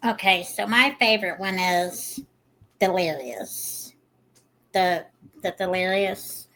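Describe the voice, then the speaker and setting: A woman's voice: medium pitch, slow pace, bright, forceful tone, poor audio. A woman co-hosting a comedy podcast, chatting in a playful, self-deprecating way. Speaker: podcast co-host. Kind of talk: casual comedy podcast chat.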